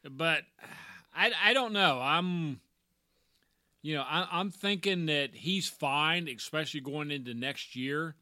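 Male podcast co-host, slightly high and bright, dry close sound, rambling delivery. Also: slow, no echo. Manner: rambling, restarts with repeated words. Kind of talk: casual sports chat.

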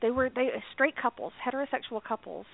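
A woman's voice: high-pitched, fast, vocal fry. A woman co-hosting a casual radio chat, telling stories with frequent laughs and restarts. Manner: laughs often, storytelling with restarts. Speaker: podcast co-host. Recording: tinny phone-like audio.

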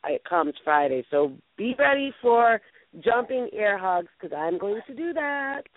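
A woman's voice: a little high, sing-song, a little slow, no echo. A woman hosting a casual chat show, brash and playful, trash-talking her guests. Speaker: podcast host. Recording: tinny phone-line audio.

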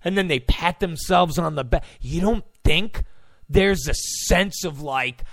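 A man's voice: on the high side, a little slow, fairly bright tone, no echo. A man hosting his own podcast, delivering a profane, combative and mocking rant. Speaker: podcast host. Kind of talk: ranting monologue.

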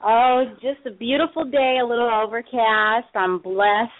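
A woman's voice: fairly high pitch, fairly even intonation, a little slow, a little hiss or hum. A woman from Los Angeles calling in to a radio show, polite and cheerful as she asks for a reading. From Los Angeles, USA. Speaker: caller. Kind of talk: call-in phone conversation. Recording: phone line.

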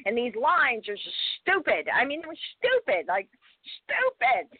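An actress guest in a casual interview, telling a profane story in an animated way, with laughs. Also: female voice, high-pitched, measured pace, dry recording. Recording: dry, tinny phone-like sound.

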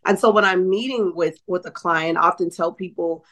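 A middle-aged woman from New Orleans, a psychic medium and author, tells stories as a guest in a conversational interview. She's an animated storyteller who acts out quoted dialogue and keeps checking in with "right?", speaking at normal speed with a fairly low pitch.

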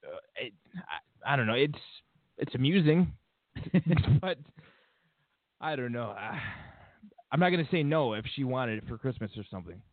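A man's voice: mid-range voice, animated, normal speed, dry recording, phone-quality sound. A man co-hosting a radio talk show, making crude wisecracks in casual chat. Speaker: radio co-host.

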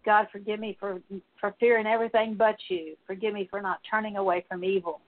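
A woman praying aloud as a minister, leading a spoken prayer of confession as a steady litany of repeated petitions. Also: mid-range voice, brisk. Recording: tinny phone-like sound.

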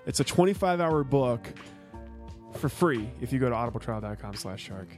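A man's voice: mid-range voice, lively intonation, normal speed, a little mellow, faint music behind. A man co-hosting a podcast in loose, joking banter, swearing freely. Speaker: podcast co-host. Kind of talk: casual chat.

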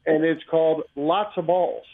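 A man's voice: on the high side, fairly even intonation, normal speed. A man co-hosting a casual sports radio chat, friendly and talkative, often repeating himself. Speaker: co-host. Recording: phone-like call-in line.

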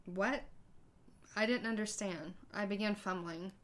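A woman podcast host telling a personal story in a conversational way, acting out the dialogue with halting hesitations. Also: medium pitch, fairly bright tone.

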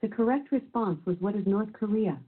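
A woman's synthesized assistant voice reading quiz clues and verdicts in a measured, even announcer manner. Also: medium pitch, a crowd in the background. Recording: tinny phone-like sound.

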